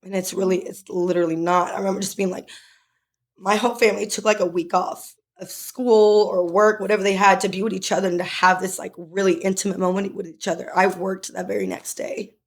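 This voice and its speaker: A woman's voice: mid-range voice, little pitch movement, brisk. A young adult woman co-hosting a podcast, telling a personal story in casual, emotional chat with many fillers. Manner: emotional, tearful at times, filler-heavy. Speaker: podcast co-host.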